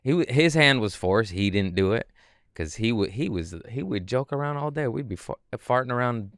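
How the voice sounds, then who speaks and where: A man, a comedian guest, telling stories casually and animatedly, swearing and acting out quotes in high voices. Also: animated, moderate pace, fairly bright tone, no echo, clean studio sound. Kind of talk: casual storytelling.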